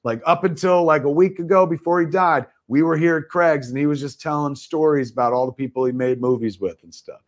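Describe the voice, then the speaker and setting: A man's voice: on the high side, brisk, few pauses. A middle-aged man on a livestream video call, telling a long story with lots of swearing and acting out the voices in his quotes. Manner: animated storyteller, swears freely, acts out quotes. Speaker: guest filmmaker.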